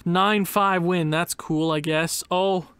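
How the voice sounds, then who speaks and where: A man's voice: high voice, fairly even intonation, slow pace, fairly bright tone, clean tone. A man giving casual commentary over a sports game, sarcastic and exasperated, with bursts of pained laughter. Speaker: gaming YouTuber.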